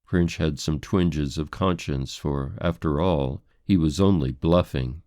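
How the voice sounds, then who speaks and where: A man narrating an audiobook with steady, even storytelling. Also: a bass voice, a little slow, no room sound, clean studio sound. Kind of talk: scripted narration.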